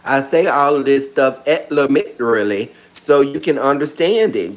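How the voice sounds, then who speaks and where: A sassy man chats through a casual how-to vlog, full of playful, dramatic asides. His voice sits in an everyday middle pitch. He keeps an easy, conversational flow throughout. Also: animated, unhurried, hardly any pauses. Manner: sassy, chatty, calls viewers girl and honey. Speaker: orchid care vlogger.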